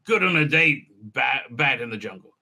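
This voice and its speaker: A man's voice: medium pitch, animated, moderate pace, pushed and bright. A man hosting a casual episode recap and review, sarcastic and rambling with many fillers. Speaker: host.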